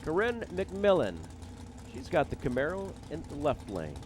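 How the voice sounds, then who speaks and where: Joking drag race announcer, man, loud engines. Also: a little high, big pitch swings, normal speed, a little hiss or hum. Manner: jokey, self-deprecating, rattles off names and times. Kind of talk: live race commentary. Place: drag strip. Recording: loud race cars behind the voice.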